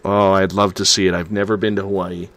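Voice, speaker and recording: A man's voice: low-pitched, flat delivery, quick pace, fairly bright tone. A man hosting a call-in radio show, thanking and signing off a caller in a friendly way. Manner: brief encouraging responses, friendly sign-off. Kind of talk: casual talk radio.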